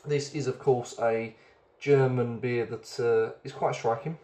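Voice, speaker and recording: A man's voice: medium pitch, fairly even intonation, measured pace, warm tone, echoey room. A man hosting a casual beer review video, chatty and rambling, often hesitating as he goes.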